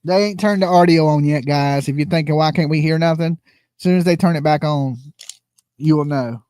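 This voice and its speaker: A man's voice: fairly high pitch, a little fast, a little mellow, smooth, no echo, studio quality. A man hosting a casual livestream, joking, rambling and laughing often. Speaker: livestream host commenting on a trial.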